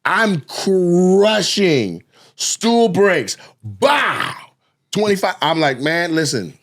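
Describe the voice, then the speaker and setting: A man's voice: high-pitched, big pitch swings, extremely slow. A man, a comedian and podcast co-host, telling a profane, laugh-filled story and acting out voices and sound effects.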